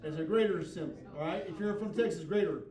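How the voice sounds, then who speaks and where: A man with a high but mellow voice teaches a math lesson, recorded in an echoey classroom. He lectures in a folksy, self-deprecating way and keeps checking in with his class. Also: fast talker. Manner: frequent check-ins with the class.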